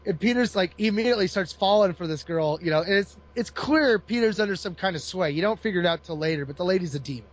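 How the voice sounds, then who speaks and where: A man's voice: high voice, fast talker, hardly any pauses. A man in casual chat, retelling a comic book plot with lots of laughter and put-on voices. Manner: animated storyteller, laughs often.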